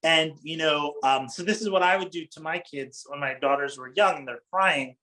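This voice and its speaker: Middle-aged male preacher, fairly high voice, informal, asks the crowd questions. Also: normal speed, pushed and bright, rough recording. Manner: engaging, asks the audience questions, laughs lightly. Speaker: Islamic preacher. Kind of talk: conversational religious talk to an audience.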